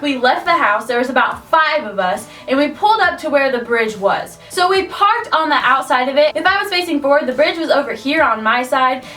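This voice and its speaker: A young woman vlogger telling a scary story from her own life in an animated way, her voice rising at the tense moments. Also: sits high, recorded from a distance. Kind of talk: storytime vlog.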